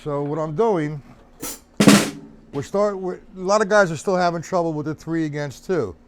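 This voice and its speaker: A man teaching a live-streamed drum lesson, explaining rhythms, counting beats out loud and greeting viewers by name. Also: fairly high pitch, moderate pace, faint music behind.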